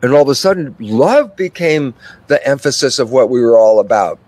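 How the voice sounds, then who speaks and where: Animated older man explaining at length. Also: medium pitch, moderate pace, dry recording. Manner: animated storytelling, acts out dialogue with himself. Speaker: interview guest. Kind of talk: expansive conversational explanation.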